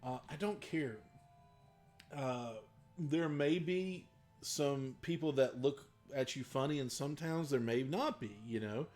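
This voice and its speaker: A man's voice: medium pitch, slow pace, a little mellow. Man, faded Southern West Virginia accent, dungeon master, easygoing rambling Q&A talk, faint music underneath. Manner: rambling, many fillers and restarts, easygoing. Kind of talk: casual Q&A talk.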